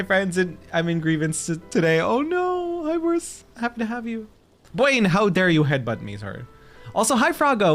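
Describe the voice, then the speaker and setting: A young man streaming a game, chatting casually, joking and reacting to his chat. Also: on the high side.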